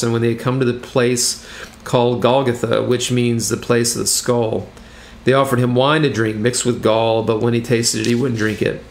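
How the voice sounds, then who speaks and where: A man, a pastor, giving an evening sermon, reading scripture aloud and explaining it in a measured way, with halting restarts. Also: mid-range voice.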